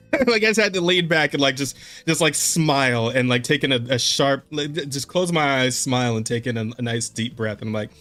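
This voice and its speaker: A man co-hosting a podcast in casual chat, relaxed and self-deprecating, laughing often. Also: medium pitch, brisk. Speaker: podcast co-host.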